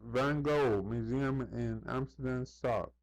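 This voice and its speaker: A man's voice: mid-range voice, steady tone, takes it slowly, dry recording, rough recording. A man vlogging in a casual, chatty way, often checking in with the listener as he talks. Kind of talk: casual commentary to camera.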